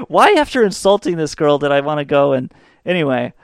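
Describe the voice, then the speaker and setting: Smooth-voiced man telling crude stories. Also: on the high side, very animated, moderate pace, no room sound, clean studio sound. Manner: profane, rambling, self-mocking, acts out voices in anecdotes. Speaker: podcast host. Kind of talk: casual comedic storytelling.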